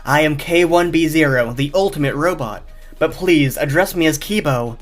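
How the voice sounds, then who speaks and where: A man's voice: a little high, moderate pace, faint music behind, natural voice. A man doing a polite, earnest robot boy. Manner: formal, earnest.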